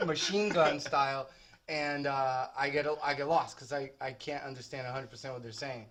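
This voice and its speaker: A man's voice: medium pitch, fairly even intonation, moderate pace, a bit bright. A man, a tattoo artist co-hosting a casual podcast chat, joking and laughing often.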